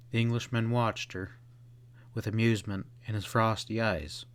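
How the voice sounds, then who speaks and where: A man's voice: fairly low pitch, fairly even intonation, normal speed. A man narrating a western novel as an audiobook.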